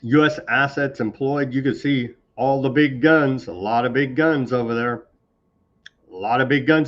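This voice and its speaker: A man's voice: medium pitch, moderate pace. A man hosting a live news show, reading posts aloud and commenting with sarcasm and indignation. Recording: slightly dull lo-fi sound.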